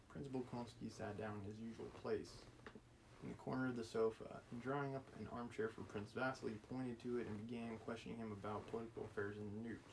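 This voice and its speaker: A man's voice: medium pitch, gravelly, background noise. A man hosting a live stream, reading a classic novel aloud in a casual way with joking asides and small slips. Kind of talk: casual read-aloud with commentary.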